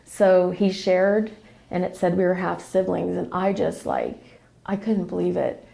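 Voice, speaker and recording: A woman's voice: on the low side, sing-song, a little slow, vocal fry, warm tone. A woman telling an emotional personal family story as a podcast guest, retelling what others said. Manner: emotional, quotes others in a run of retold dialogue.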